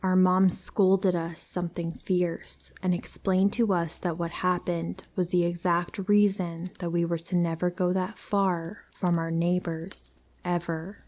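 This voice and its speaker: A woman reading a true horror story aloud, in a calm, measured storytelling manner. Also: fairly low pitch. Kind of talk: scripted story narration.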